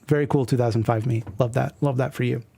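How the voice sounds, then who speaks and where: A man's voice: medium pitch, steady tone, fast talker, gravelly, warm tone, breathy edge. A man hosting a stream, reading his old comic aloud with rambling, self-mocking commentary full of fillers and restarts. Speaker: streamer host.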